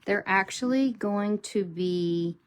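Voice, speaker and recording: A middle-aged woman hosting a casual card-making tutorial, chatty and unhurried, thinking aloud as she works at her craft table. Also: medium pitch, clean tone.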